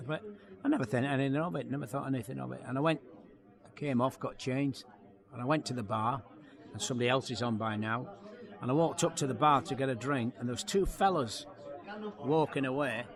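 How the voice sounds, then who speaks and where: A man, a comedian telling stories in an interview, acting out voices and laughing often. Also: a little high. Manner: lively storyteller, acts out voices, laughs often. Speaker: comedian guest. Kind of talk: anecdotal interview chat. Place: outdoor launch event. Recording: busy crowd behind. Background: crowd chatter.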